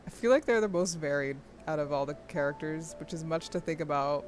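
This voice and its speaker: A young woman streaming, reading a game's story aloud and breaking off into gushing, excitable commentary with squeals and laughter. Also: low voice, fairly quick, faint music behind.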